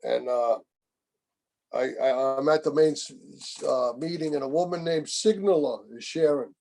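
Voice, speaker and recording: Gravelly man sharing at a recovery meeting. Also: a little high, a little mellow. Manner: rambling, candid, swearing, repeats "you know what I mean". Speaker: main speaker at a recovery meeting. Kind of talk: personal recovery share. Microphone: video call.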